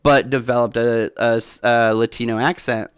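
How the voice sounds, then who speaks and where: A man with a softened Southern US accent, chatting casually on a livestream, rambling with lots of fillers and sudden excited jumps in pitch. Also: moderate pace, clear, resonant tone, no echo, studio quality. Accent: Southern US, softened toward neutral American. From Southern United States. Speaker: streamer answering chat.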